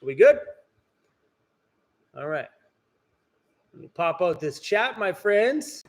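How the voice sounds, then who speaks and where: A man's voice: high voice, big pitch swings, slow. A man hosting a casual live stream from inside his workshop, chatting and answering viewer comments. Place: indoor workshop.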